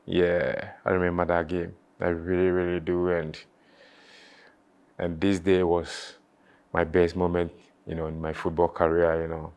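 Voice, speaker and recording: Man, very low voice, flat delivery, halting, emotional. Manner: halting, repeats words, frequent "you know". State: emotional, near tears at times. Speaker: former footballer reminiscing. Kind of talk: emotional interview reflection.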